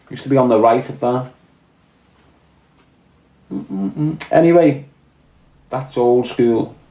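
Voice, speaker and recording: Speaking slowly with a warm tone and medium pitch, a Scouse man hosts a relaxed podcast chat streamed live. He wanders from topic to topic and reads out comments from viewers, all recorded in an echoey space.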